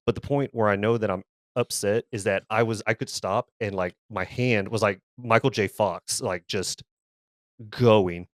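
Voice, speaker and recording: A man's voice: lowish voice, fairly even intonation, moderate pace, dry recording, studio quality. A man co-hosting a podcast, telling a workplace story casually, swearing often and restarting and repeating his words as he gets worked up. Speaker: podcast co-host.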